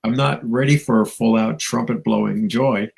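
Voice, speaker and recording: A man talks through spiritual ideas in a slow, musing way, with chuckles and playful asides. His voice is gravelly and rough, with a breathy, husky edge. He sounds like a guest teacher on a talk show. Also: lowish voice, steady tone, a little mellow, low-quality recording.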